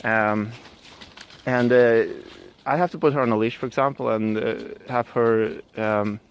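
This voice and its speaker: A man's voice: mid-range voice, a little slow, muffled recording, a little hiss or hum. A man explaining his dog training approach in a casual, thinking-aloud way, with plenty of fillers and restarts.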